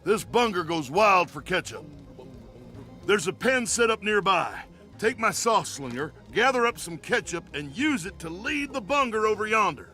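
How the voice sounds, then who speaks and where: A man voicing a stubborn, scrappy male critter farmer in a video game, with a gruff, folksy way of talking. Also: high voice, sing-song, moderate pace, pushed and bright, faint music behind, exaggerated voice. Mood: instructing.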